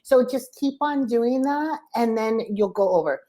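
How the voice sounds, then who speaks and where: An American woman teaches English over a video call, her voice sitting a little high. She is encouraging, laughs often and repeats words as she explains. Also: measured pace, mellow. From USA. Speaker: English tutor. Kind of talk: casual online lesson chat.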